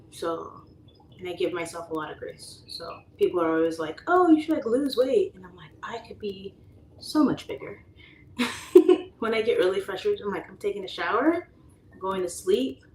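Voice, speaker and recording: A woman's voice: lowish voice, echoey room, slight background noise, low-quality recording. A woman in her thirties hosting a casual livestream, chatting and laughing while reading out viewer comments. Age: 30s. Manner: chatty, laughs often, mimics voices when quoting. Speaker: livestream host reading chat. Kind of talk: casual chat.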